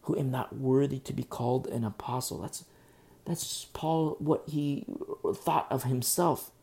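A man's voice: mid-range voice, steady tone, measured pace, gravelly, darkish tone. A man preaching a sermon as pastor, emphatic and repetitive, often restarting his sentences.

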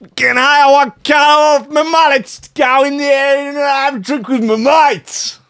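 A man putting on a loud, brash young bloke, shouting and swearing indignantly. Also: extremely high pitch, steady tone, unhurried, voice pushed up, heavily acted.

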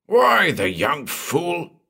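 A man voicing a wiry, hot-tempered elderly man who shouts in slow, high bursts of rage. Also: very animated, husky, full character voice. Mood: furious.

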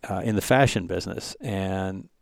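A man in his forties from the United States tells racing stories as a podcast guest, with a low, gravelly voice full of vocal fry. He talks in a casual, animated way and slips into the voices of the people he quotes. The sound is dry and close, with no room echo. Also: normal speed. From United States (San Francisco). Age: 40s. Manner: animated storyteller who acts out quoted voices. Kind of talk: casual storytelling interview.

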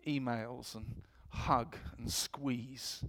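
A man's voice: medium pitch, extremely slow. A man preaching a sermon in a church, telling stories and acting out quotes with energy. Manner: storytelling, animated quotes.

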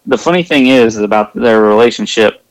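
A man co-hosting a casual movie watch-along podcast, easygoing and quick to laugh, sharing film trivia. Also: fairly low pitch, no echo, poor audio. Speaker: podcast co-host.

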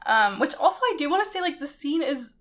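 A woman's voice: high voice, very animated, fast talker, a bit bright. A woman co-hosting a podcast, chatting casually and animatedly about a story, laughing often and using lots of filler words. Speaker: podcast co-host.

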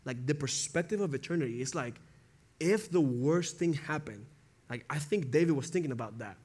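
A man's voice: fairly high pitch, expressive, moderate pace, a little mellow, slightly rough. A young man preaching a casual sermon, talking conversationally, acting out quotes and laughing often.

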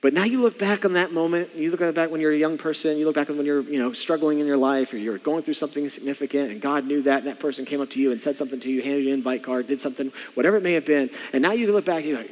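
A man's voice: fairly high pitch, very fast, few pauses, in a large hall. A man preaching a sermon as pastor, emphatic and leading the congregation in call-and-response. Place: church sanctuary.

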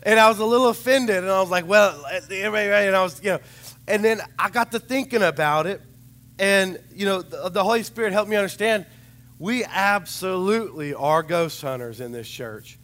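Chatty, hoarse male preacher. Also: sits high, moderate pace, a bit bright. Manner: chatty, rambling storytelling with humor. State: hoarse, recovering voice. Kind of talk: sermon.

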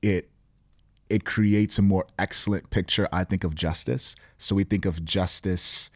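A man's voice: low voice, steady tone, a little slow, dry recording, studio quality. A man who is a pastor, co-hosting a casual Bible discussion and reflecting thoughtfully in abstract terms. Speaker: pastor, podcast co-host.

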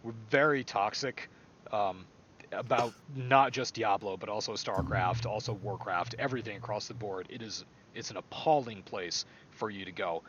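A man hosting a casual podcast chat, animated and quick to laugh and swear. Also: on the low side, highs cut off, slight background noise. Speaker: podcast host.

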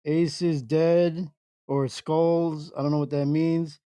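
Slow, laughing male radio host. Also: on the high side, flat delivery, dark tone, clean tone, dry recording, studio quality. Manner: slow, halting reading, bursts of laughter. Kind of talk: casual live-stream chat, reading chat messages aloud.

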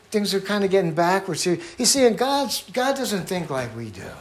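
A man preaching a sermon in an earnest, conversational way. He acts out the voices he quotes and drops to a quiet, low tone on key phrases. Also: lively intonation, moderate pace, few pauses.

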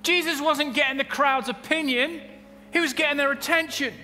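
A man preaching a sermon as pastor, building to loud emphatic peaks. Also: very high-pitched, steady tone, normal speed. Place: church auditorium. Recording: long hall reverb with faint music.

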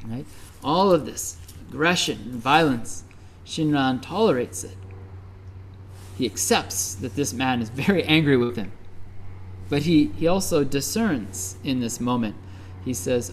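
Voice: mid-range voice, unhurried. Conversational Buddhist preacher telling a story. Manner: conversational, lively, with frequent "right?" asides. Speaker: Buddhist minister. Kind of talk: sermon storytelling.

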